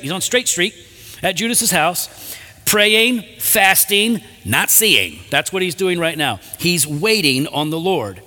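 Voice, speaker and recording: A man preaching a sermon, reading scripture and then explaining it in a lively, conversational way with asides. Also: sits high, big-room sound. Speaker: pastor.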